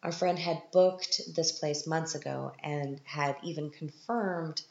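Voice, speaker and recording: A woman podcast host telling chatty stories from her week in a casual monologue, animated, with sudden high-pitched quoted reactions. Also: slow pace. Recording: roomy, muffled home recording.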